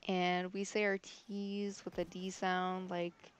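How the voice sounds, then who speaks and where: A woman's voice: lowish voice, level tone, a little hiss or hum. A young woman from Michigan with a Michigan accent, talking casually to camera in a vlog, nasal on her short O sounds, running her words together with lots of "like". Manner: fast, run-together speech with many "like" fillers. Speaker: vlogger.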